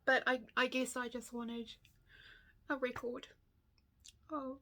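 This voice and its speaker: Kiwi woman in her fifties, a stitching vlogger, fairly high voice, rambling and laughing as she chats. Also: level tone, slow pace, pushed and bright. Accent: New Zealand. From New Zealand. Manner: rambling and chatty, laughs often, goes off on tangents. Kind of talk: casual chat to camera.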